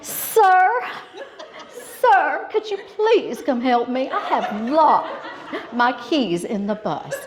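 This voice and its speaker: A woman's voice: high voice, sing-song, takes it slowly, pitched above the performer's own voice, exaggerated voice. A woman putting on a sweet Southern accent to play another woman pleading for help. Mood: sugary pleading. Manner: sugary, pleading.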